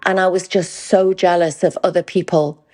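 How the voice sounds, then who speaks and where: A middle-aged woman with a Geordie accent, hosting her own podcast. She tells candid, animated anecdotes and acts out the quotes in them. Her voice sits slightly low for a woman. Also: normal speed. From Newcastle, England. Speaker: podcast host. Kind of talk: candid storytelling chat.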